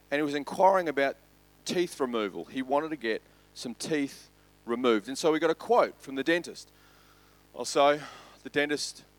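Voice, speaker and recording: An Australian man, a pastor, giving a sermon in a relaxed storytelling way. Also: medium pitch, poor audio. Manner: conversational storytelling preacher.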